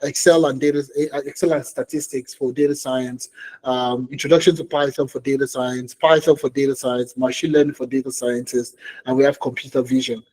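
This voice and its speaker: A man's voice: mid-range voice, fairly even intonation, brisk, darkish tone, low-quality recording. A man presenting a career webinar for tech job seekers, who talks emphatically, repeats key phrases and keeps checking in with "okay?" and "all right?".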